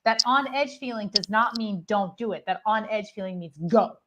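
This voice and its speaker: A woman with a mid-range voice reads a client's energy on a livestream. Clear background noise sits under her voice. She searches out loud for words, rephrasing and repeating herself as she goes. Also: medium pitch, moderate pace. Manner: feels energy in the body and talks about it with many restarts and repetitions. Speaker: psychic reader and co-host. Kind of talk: livestream psychic reading.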